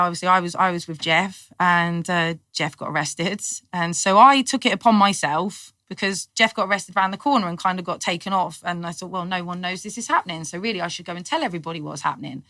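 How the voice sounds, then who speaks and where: A middle-aged woman, a podcast guest telling her story in lively, casual talk, acting out what people said and laughing often. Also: on the low side, no room sound. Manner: animated storyteller, acts out quotes, laughs often. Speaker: guest, cannabis activist.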